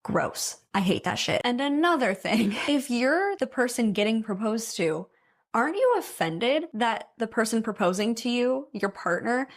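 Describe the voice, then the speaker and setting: A woman's voice: fairly high pitch, big pitch swings, measured pace. A young woman gives casual commentary on stories she reads aloud. She is blunt and opinionated, and she swears freely as she talks. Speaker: story reader and commentator.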